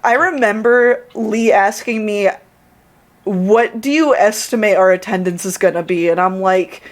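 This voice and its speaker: A woman's voice: medium pitch, unhurried. A woman hosting a livestream's closing remarks, thanking the team in a bubbly, effusive way. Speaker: convention staff host.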